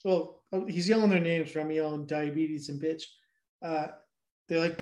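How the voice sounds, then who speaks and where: Brief: young male podcast host, fairly high voice, loose and profane, rambles through a movie plot. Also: fairly even intonation, normal speed, a little mellow. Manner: rambling, heavy swearing, laughs while telling. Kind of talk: casual chat, retelling a movie plot.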